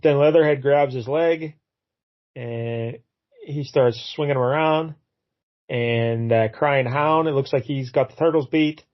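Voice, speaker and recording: A man's voice: medium pitch, unhurried, lo-fi sound. A man co-hosting a podcast, casually retelling a comic book's story with many fillers and acted-out lines. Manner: rambling, retells the plot and acts out characters' lines. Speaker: podcast co-host. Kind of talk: casual comic book review chat.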